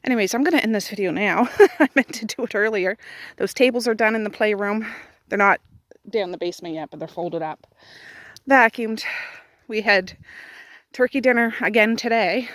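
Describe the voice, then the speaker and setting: A woman's voice: medium pitch, a bit bright, dry recording. A woman from Nova Scotia chatting casually into her phone while out walking her dog at night, homey and rambling, a little out of breath. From Nova Scotia, Canada. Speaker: vlogger. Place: outdoors at night on a street. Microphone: phone held at arm's length.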